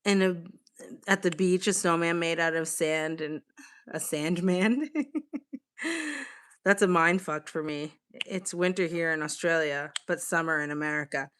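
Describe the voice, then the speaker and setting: A woman's voice: lowish voice, a little slow, fairly bright tone, clean tone. A young woman with a Boston accent, chatting casually on a live stream, swearing freely and answering her chat. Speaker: livestream host. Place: home, on a couch with a blanket.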